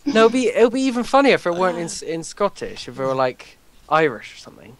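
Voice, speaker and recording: Hesitant man with a lively pitch. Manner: hesitant, halting with fillers. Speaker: podcast co-host. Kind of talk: casual chat.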